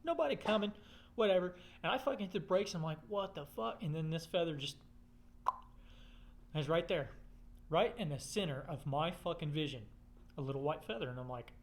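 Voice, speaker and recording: A man's voice: a little high, animated, brisk, long pauses. A man telling a rambling personal story in casual chat, swearing constantly.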